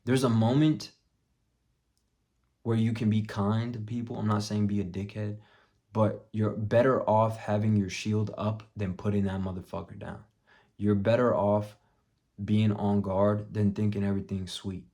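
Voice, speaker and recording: A young man vlogging, telling a story bluntly with plenty of swearing and dropping to a hush for his own thoughts. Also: lowish voice, little pitch movement, measured pace. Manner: profane, blunt, drops to a muttered hush for quoted thoughts. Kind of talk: casual storytelling vlog.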